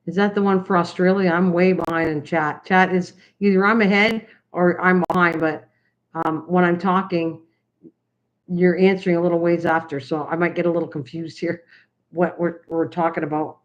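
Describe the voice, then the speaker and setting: An older American woman on a craft livestream chats rambly with viewers while making cards, her voice lowish with little pitch movement at a moderate pace. The stream audio is slightly dull and lo-fi.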